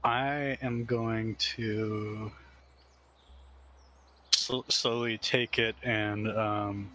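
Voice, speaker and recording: A man with a low yet sharp-toned voice describes his character's actions at a tabletop game. He speaks very slowly and hesitantly, with frequent laughs. Faint noise sits behind him. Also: fairly even intonation. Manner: slow and hesitant, often laughing. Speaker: player. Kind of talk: casual tabletop play.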